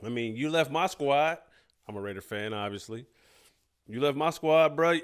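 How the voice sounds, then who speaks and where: A man's voice: medium pitch, normal speed, clean tone. A man hosting a podcast, giving casual reaction commentary with slangy jokes and frequent laughs. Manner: animated, joking, slangy, laughs often. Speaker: podcast host reacting to a clip.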